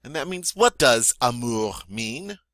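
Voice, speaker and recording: Man, French lesson, patient repetition, bright voice, animated pitch, dry close sound. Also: unhurried. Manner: patient, repeats words for learners to echo. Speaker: French teacher. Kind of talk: spoken language lesson.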